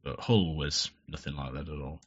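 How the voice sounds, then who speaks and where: A man's voice: very deep voice, moderate pace, husky. A man speaking bluntly and plainly as a guest in a casual interview. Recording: muffled lo-fi audio.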